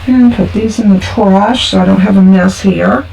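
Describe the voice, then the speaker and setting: A woman's voice: medium pitch, normal speed, vocal fry, warm tone. A woman, talking through a card-making tutorial in a chatty, homey way. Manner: chatty, homey, talks through each step. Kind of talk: casual craft tutorial. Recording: from a distance with faint background noise.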